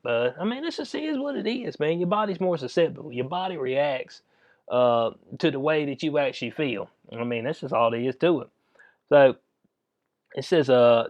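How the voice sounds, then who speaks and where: A man's voice: a little high, no room sound. A man ranting casually in a rambling, slangy way, laughing at his own jokes. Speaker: commentary vlogger. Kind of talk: casual rant. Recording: dull lo-fi sound.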